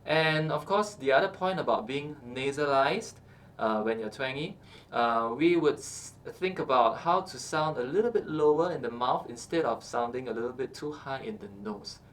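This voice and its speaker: A man teaching singing, explaining calmly with many fillers and checking in with "okay" as he goes. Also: mid-range voice, normal speed. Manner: explains calmly with frequent uh and okay, breaks into short sung examples. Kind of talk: instructional talk with sung demonstrations.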